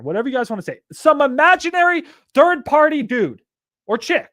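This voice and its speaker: Animated, high-voiced man coaching. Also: brisk, no echo. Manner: animated, profane, acts out phone calls. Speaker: real estate investing coach. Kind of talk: casual coaching talk.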